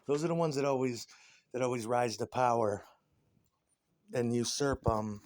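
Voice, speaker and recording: A man's voice: medium pitch, moderate pace, a little mellow. A man talking casually in an interview, ranting and scornful, with lots of swearing.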